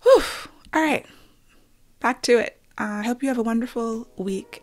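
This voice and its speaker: A woman's voice: fairly high pitch, lively intonation, moderate pace, soft background music. A middle-aged woman hosting her own podcast, chatting candidly and with self-deprecating humor about films and her week. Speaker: podcast host. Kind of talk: casual solo podcast chat.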